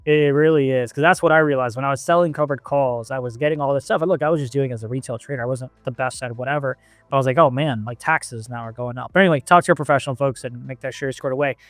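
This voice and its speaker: A man's voice: mid-range voice, no room sound. Man, podcast host, agreeable casual chat, dry close sound, faint music behind. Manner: agreeable, quick back-channel replies.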